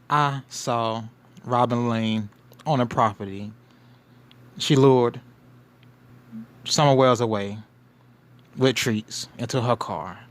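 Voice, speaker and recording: Male host, casual commentary, unhurried, musing and repetitive. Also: medium pitch. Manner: rambling, musing, repeats himself. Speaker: show host.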